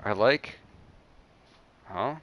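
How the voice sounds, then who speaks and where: Excitable young man gaming with friends. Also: fairly low pitch, drawn-out words. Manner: excitable, profane, teasing. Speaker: gamer. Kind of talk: casual gameplay chat with friends.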